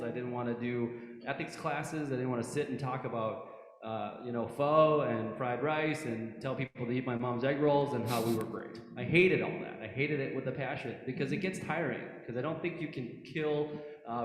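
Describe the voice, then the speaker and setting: A man in his thirties, a prosecutor and former police officer, telling animated stories to a church audience and often asking "right?". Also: mid-range voice. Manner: animated storyteller, repeats himself, rhetorical "right?". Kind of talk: storytelling talk to a church audience. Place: church hall. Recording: echoey church hall with long reverb.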